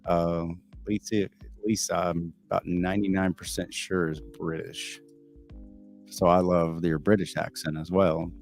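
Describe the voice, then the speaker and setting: A man's voice: low voice, little pitch movement, measured pace, gravelly, a little mellow, soft background music. A middle-aged man with a Texan accent, hosting a casual live stream and answering viewers' chat in a candid, blunt and profane way. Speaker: livestream host reading chat.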